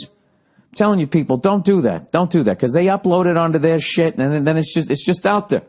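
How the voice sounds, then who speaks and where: A man's voice: fairly high pitch, animated, a little fast, darkish tone. A man hosting a podcast, telling a story in a casual monologue, ranting and swearing freely. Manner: profane, ranting. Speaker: podcast host.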